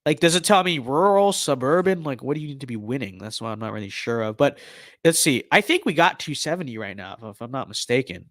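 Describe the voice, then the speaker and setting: A man's voice: mid-range voice, very animated, fast, a bit bright, no room sound, clean studio sound. A young man streaming a game, giving casual, playful commentary with mock-political banter while he thinks aloud.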